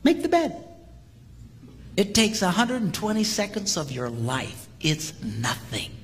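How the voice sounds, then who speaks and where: A man with a high, very lively voice delivers a comedic seminar from the stage of a large hall. He talks in punchy bursts and shouts out sound effects. His voice rings with long reverb over a clear layer of background noise. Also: measured pace. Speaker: marriage seminar speaker. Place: large hall before a live audience.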